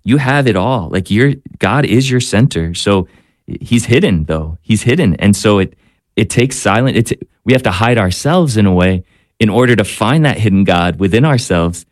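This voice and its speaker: Priest guest, man, fairly low voice, halting and thoughtful, dry studio. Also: expressive, dry recording. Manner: halting, searching for words with many restarts. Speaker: priest and spiritual director guest. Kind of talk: radio talk show conversation.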